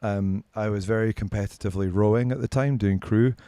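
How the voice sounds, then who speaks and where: Scottish man, thirties, laid-back guest storyteller, low pitch, dry mic. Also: a little fast, warm tone, smooth, no room sound. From Scotland. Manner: swearing, laughing, self-mocking. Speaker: podcast guest. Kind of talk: casual storytelling.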